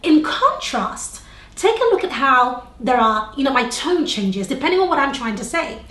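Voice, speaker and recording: A woman's voice: sits high, very animated, moderate pace, fairly bright tone, reverberant. A young adult woman teaching on-camera tips to the viewer, shifting her tone and pace on purpose and checking in with questions. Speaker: video presentation coach. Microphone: camera facing speaker.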